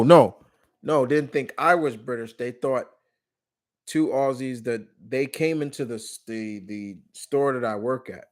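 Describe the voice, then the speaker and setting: A man hosting a live stream Q&A in casual chat, rambling and often restarting or correcting himself mid-sentence. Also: medium pitch. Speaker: live stream host answering viewer questions.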